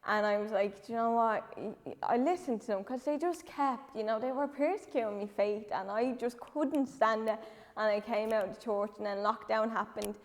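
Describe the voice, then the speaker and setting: A nervous woman close to tears tells her personal testimony in church, halting and full of "um" and "like". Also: a little high. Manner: halting, lots of "um" and "like". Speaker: church member giving testimony. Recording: reverberant church hall.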